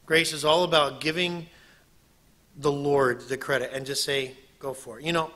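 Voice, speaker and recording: A man who preaches a sermon, telling a personal story in an animated way and acting out what people said. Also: on the high side. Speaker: preacher and missionary.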